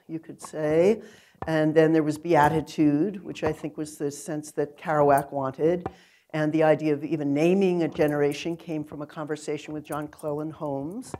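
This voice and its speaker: Older new york woman, low voice, rambling poet in an onstage interview, laughs a lot. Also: dark tone. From New York City. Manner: rambling, digressive, laughs often. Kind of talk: recorded onstage conversation.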